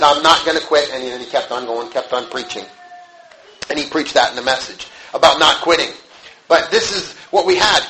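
Brief: male pastor, fairly high voice, storytelling sermon, halting and conversational, faint background noise. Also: bright, forceful tone. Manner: conversational, halting, with restarts and rhetorical questions. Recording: echoey room, faint noise.

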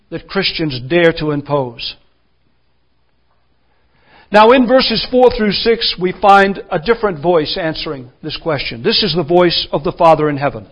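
A man delivers a sermon in a high-pitched voice, pushing his points with forceful, rising emphasis. The recording is dull and muffled, like an old lo-fi church tape. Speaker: preacher.

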